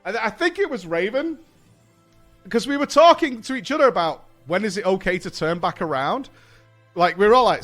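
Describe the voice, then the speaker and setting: Streamer guy telling a story, high lively voice, swears a lot, quiet music under him. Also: moderate pace. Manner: animated, swears a lot, acts out quotes. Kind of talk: casual storytelling to stream chat. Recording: faint music behind.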